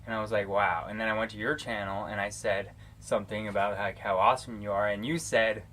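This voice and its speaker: His voice is lowish and sharp, fairly even in intonation and a little fast, with some hiss or hum on the recording. The American vlogger, who lives in Arizona, gives rambling, affectionate shout-outs directly to camera via its mic, filled with fillers and restarts.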